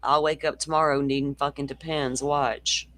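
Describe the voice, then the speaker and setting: A woman's voice: sits low, little pitch movement, moderate pace, a bit bright. Blunt Southern woman, casual chat. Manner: salty, blunt, swears freely. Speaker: host.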